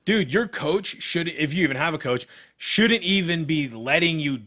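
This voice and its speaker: Young dude ranting on a podcast, bright kinda high voice, swears a lot, blunt. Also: male voice, expressive, normal speed. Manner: blunt, profane, worked-up ranting. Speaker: podcast co-host, MMA fighter. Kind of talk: casual podcast chat.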